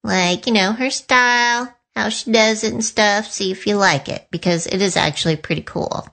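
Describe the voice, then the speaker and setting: A woman hosting a radio talk show, announcing in a chatty, relaxed way. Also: mid-range voice, moderate pace, vocal fry.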